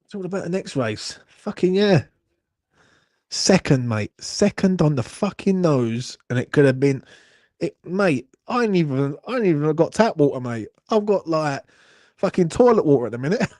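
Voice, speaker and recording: A man's voice: fairly high pitch, very animated, normal speed, darkish tone, dry recording, clean studio sound. A young man, hosting a live horse racing watchalong, swearing and grumbling in a rambling way. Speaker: watchalong host.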